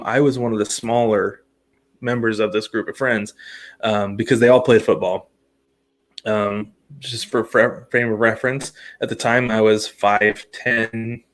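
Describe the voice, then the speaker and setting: A man in his thirties with a lowish, unhurried voice co-hosts a podcast and spins a long, funny story in casual conversation. He's animated, laughs often, and acts out the voices of the people he quotes.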